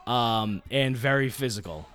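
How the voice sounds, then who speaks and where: Excitable man calling wrestling play-by-play. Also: mid-range voice, measured pace, slight background noise. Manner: excited, jumps into play-by-play commentary. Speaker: podcast co-host. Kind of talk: casual live-reaction chat.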